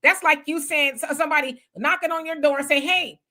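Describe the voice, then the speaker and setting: Speaking fast in a high-pitched, steady voice that sounds pushed and bright, a commentary host runs her livestream. She uses loose conversational street talk and fires off emphatic rhetorical questions.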